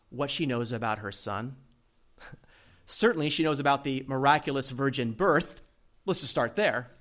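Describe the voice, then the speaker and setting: A man's voice: mid-range voice, a bit bright. A middle-aged male pastor giving a sermon, telling a personal story with humor and acting out the people in it. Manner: humorous storytelling, acts out quoted voices.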